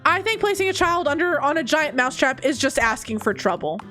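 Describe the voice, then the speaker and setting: A woman's voice: sing-song, a little fast, hardly any pauses, pushed and bright, faint music behind. A young woman streaming a game, casual and playful, swinging into dramatic outbursts. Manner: playful, dramatic, swinging between high squeals and mock-low asides.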